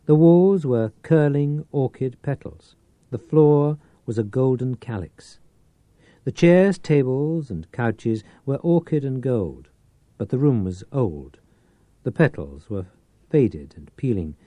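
A man reading a novel aloud as an audiobook narrator, with a measured, theatrical delivery. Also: mid-range voice, mellow, no echo.

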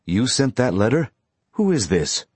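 A man's voice: on the low side, very animated, normal speed, a little mellow, husky, dry recording, voice pushed up, full character voice. A man voicing a stern young cop. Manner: stern, insistent questioning. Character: stern young male police officer.

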